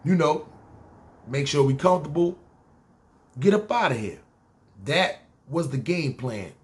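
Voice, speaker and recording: A man with a New York accent telling his own story casually on a podcast, slangy and animated. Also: on the high side, unhurried. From New York City.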